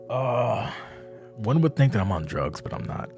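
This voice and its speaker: A man's voice: lowish voice, sing-song, normal speed, over music. A man giving a rambling, profane, casual podcast monologue to his community, tired and anxious, talking from a seat indoors. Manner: rambling, profane, self-interrupting. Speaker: community leader of an online wrestling game league. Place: indoors, seated.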